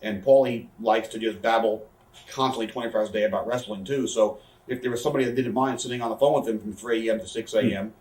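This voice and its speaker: Fast-talking man telling wrestling stories. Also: on the low side, steady tone, darkish tone. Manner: rapid, profane, acts out quoted voices. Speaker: interview guest, former wrestler. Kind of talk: candid storytelling interview. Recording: echoey room, somewhat far from mic.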